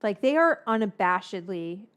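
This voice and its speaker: A woman's voice: mid-range voice, expressive, moderate pace, slight background noise. A woman from the Bay Area chatting casually while she cooks, rambling, frank, and swearing freely as she drifts between tangents. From San Francisco Bay Area. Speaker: cookbook author and cooking host. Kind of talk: casual chat while cooking.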